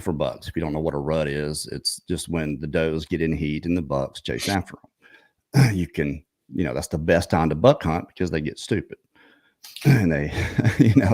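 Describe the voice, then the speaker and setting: Very deep-voiced man telling a story. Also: normal speed, a little mellow. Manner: rambling, with frequent restarts and throat clearing. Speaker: show host and researcher. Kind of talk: casual storytelling chat.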